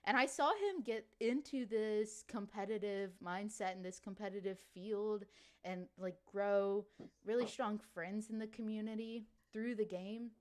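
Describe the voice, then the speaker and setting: Chatty Louisiana woman co-hosting. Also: mid-range voice. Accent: slight Cajun. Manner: chatty, lots of "like" and quick laughs. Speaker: podcast co-host. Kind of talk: casual chat.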